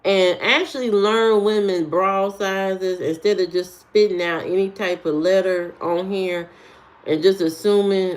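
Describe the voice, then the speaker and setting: Brief: woman streamer, sassy and unhurried, talks back at trolls in chat. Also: mid-range voice. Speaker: live streamer. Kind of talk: casual live-stream chat answering comments.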